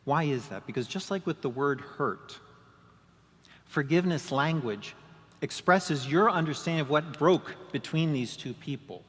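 A male pastor preaching from the pulpit, mid-pitched and measured. He poses rhetorical questions and briefly acts out the excuses he quotes. His voice rings with a long reverb that trails through the sanctuary. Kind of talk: sermon.

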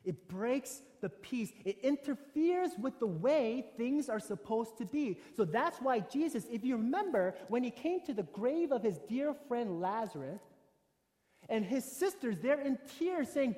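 Male pastor, high voice, preaching; punchy emphasis and hushed drops, recorded with long church reverb. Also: expressive, moderate pace. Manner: swings from emphatic to near-whispered. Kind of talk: sermon.

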